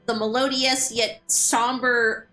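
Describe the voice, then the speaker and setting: A woman's voice: a little high, level tone, slow pace, bright, forceful tone. A woman streamer chatting casually and animatedly while playing a game, often repeating words as she starts a thought. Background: game music.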